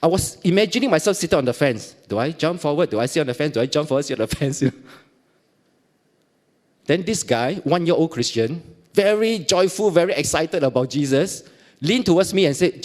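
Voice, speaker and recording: A man's voice: a little high, brisk. A middle-aged man from Singapore with a Singaporean accent, giving a personal testimony at church and acting out the dialogue as he tells it. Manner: animated storytelling, acting out dialogue, frequent laughs.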